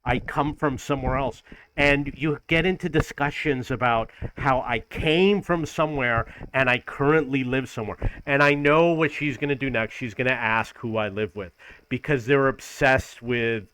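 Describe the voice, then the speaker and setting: A man's voice: medium pitch, moderate pace, fairly bright tone, a little hiss or hum, poor audio. A man from New York ranting in an audio-only vlog, exasperated and repetitive. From New York, USA. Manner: exasperated, repeats himself, mimics others in lists. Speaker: vlogger. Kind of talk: audio-only complaining rant.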